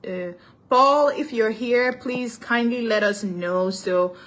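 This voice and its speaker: A woman's voice: on the high side, slow, a bit bright. A young woman with a Cameroonian accent hosting a casual live-stream talk show. She greets commenters by name and moves easily between English and French, laughing often.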